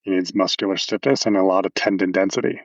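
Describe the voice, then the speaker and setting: A man's voice: sits low, fast, no echo, lo-fi sound. A man coaching athletes, explaining movement casually in a podcast interview with anatomical detail and frequent fillers.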